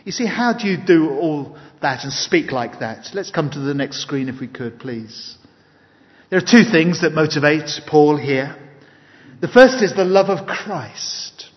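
A man's voice: on the high side, expressive, measured pace. A man preaching an evening sermon, earnest and emphatic, mixing scripture with personal stories. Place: church hall. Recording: dull, long-reverb hall recording.

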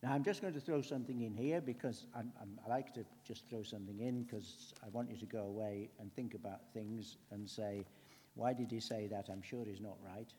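A man giving a conversational sermon as a preacher, earnest, swinging between emphatic lines and hushed ones. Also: on the low side, steady tone, normal speed, a little hiss or hum. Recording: long hall reverb.

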